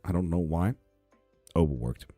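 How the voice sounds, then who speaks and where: A man's voice: low voice, moderate pace, dark tone, breathy edge, dry recording, faint music behind. A man hosting a live tarot stream in his apartment, chatting casually and reading out viewer comments with sarcastic, profane humor. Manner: profane, sarcastic, laughs often.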